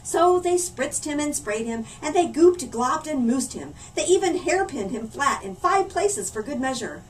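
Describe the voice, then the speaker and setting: A woman as a library story lady, reading a silly picture book aloud to children in a playful, animated way. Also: sits high, measured pace, far from the mic, poor audio. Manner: animated, playful, swooping between hushed and loud.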